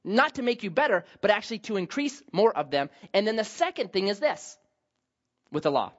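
A man's voice: sits high, very animated, fairly quick. A man pastor giving a sermon, telling Bible stories with humor and acted asides, on a dull lo-fi recording.

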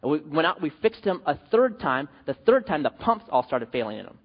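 Husky man preaching in a reverberant hall. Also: fairly high pitch, fairly quick, muffled recording. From US West Coast. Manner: animated storytelling, rhetorical questions. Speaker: pastor. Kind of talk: sermon with personal story.

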